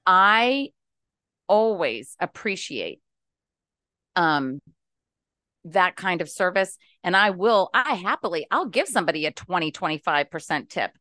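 A woman's voice: on the low side, big pitch swings, unhurried, long pauses, bright, forceful tone, no room sound, studio quality. A middle-aged woman from West Virginia calling into a talk show, venting animatedly and with exasperation. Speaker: caller. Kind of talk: casual talk-show call-in.

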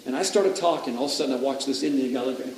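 A man preaching a sermon with a mellow, dark voice, heard from a distance in an echoey hall. He tells his story with animated intensity and quotes other people as he goes. A faint ambient hum sits behind him. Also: mid-range voice, racing. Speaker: pastor.

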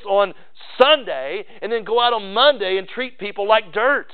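A man's voice: high voice, lively intonation, normal speed, smooth. A male pastor preaching an earnest sermon, often restarting and repeating words. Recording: tinny phone-like sermon recording.

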